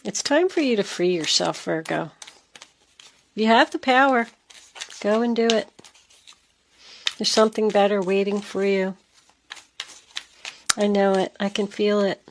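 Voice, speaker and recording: A woman reads tarot cards in an emphatic, earnest monologue. She speaks straight to the listener at an ordinary mid pitch. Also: unhurried, long pauses, slight background noise. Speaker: tarot reader.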